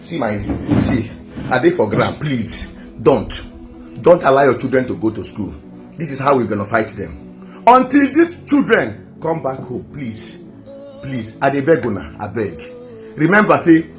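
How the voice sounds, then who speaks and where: A Nigerian man making an impassioned online appeal to viewers, pleading and repeating himself with emphasis. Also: medium pitch. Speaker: activist addressing viewers.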